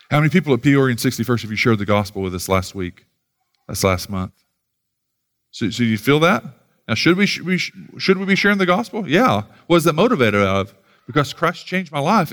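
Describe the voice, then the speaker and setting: Man, pastor teaching, emphatic, rhetorical questions, mid pitch. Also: lively intonation, fairly quick, fairly bright tone. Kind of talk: teaching talk.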